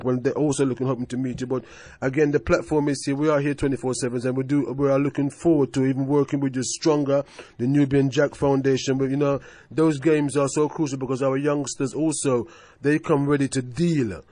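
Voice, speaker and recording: A man's voice: medium pitch, little pitch movement, quick pace, hardly any pauses, mellow, no room sound. A man hosting a radio talk show, speaking emphatically and repeating his phrases for effect. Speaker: radio host. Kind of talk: casual radio chat.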